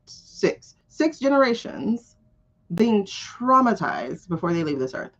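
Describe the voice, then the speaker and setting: A woman's voice: medium pitch, very animated, unhurried, lo-fi sound. A woman hosting a live tarot stream, chatting casually and bluntly with her viewers. She swears freely and laughs often.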